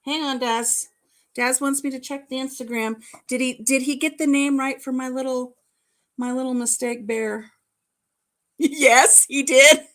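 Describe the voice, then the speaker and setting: A middle-aged woman hosts a casual livestream, chatting and giggling through childhood stories laced with playful innuendo. Her voice is high-pitched and fairly bright, with a steady tone and a slightly slow pace.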